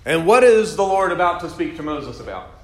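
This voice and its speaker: Leading a classroom Bible study, this teacher speaks briskly in a high-ish, sing-song voice. He chats with the group, quizzes them, and makes jokes at his own expense, all captured in an echoey room.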